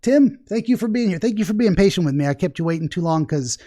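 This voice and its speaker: Male podcast host, slightly high voice, rambling and chatty, laughs a lot. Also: lively intonation, fast, mellow. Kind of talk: casual interview chat.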